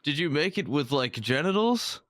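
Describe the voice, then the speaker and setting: A man's voice: fairly high pitch, very animated, moderate pace, fairly bright tone, no echo, studio quality. Incredulous man at a game table. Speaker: player.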